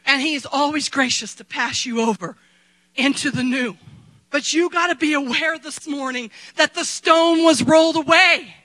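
A middle-aged woman pastor preaching a sermon, impassioned, rising to shouts and dropping to quiet asides. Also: high voice, normal speed, low-quality recording.

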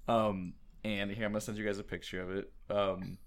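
Lachender Mann, erzählt locker. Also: male voice, lowish voice, flat delivery, brisk. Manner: laughing storyteller, stubborn. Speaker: podcast co-host. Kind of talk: casual chat.

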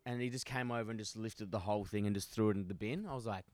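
Swearing Australian bloke telling stories. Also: male voice, on the low side, fast, no room sound. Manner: swearing, animated storytelling with voiced quotes. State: a few beers in. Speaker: podcast co-host. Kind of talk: casual chat.

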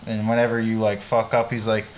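A man's voice: lowish voice, monotone, a little fast, a little hiss or hum. A man co-hosting a podcast, telling loose stories in casual chat, stoned and swearing freely. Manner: laid-back, swearing, stoned storytelling. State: high on cannabis. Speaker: podcast co-host.

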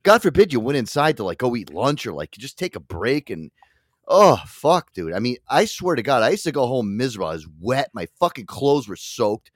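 A man co-hosting a casual podcast, telling profane stories in an animated way. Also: medium pitch, a little fast, dry recording, studio quality. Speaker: co-host.

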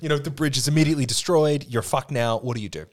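A man's voice: mid-range voice, fast. A man in casual podcast chat who talks with enthusiasm, explains things at length and swears freely.

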